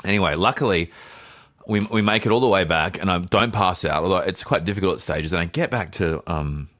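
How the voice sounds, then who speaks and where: A man in his thirties, from Australia, co-hosting a podcast and telling a story in casual chat, animated and full of stammered restarts. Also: low-pitched, a little fast. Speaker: podcast co-host.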